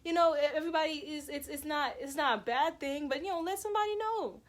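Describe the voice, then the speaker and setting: A woman's voice: high voice, fast. A young woman casually telling a personal story to her viewers, rambling with many restarts and fillers. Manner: rambling, lots of "like" and restarts, addresses viewers as y'all.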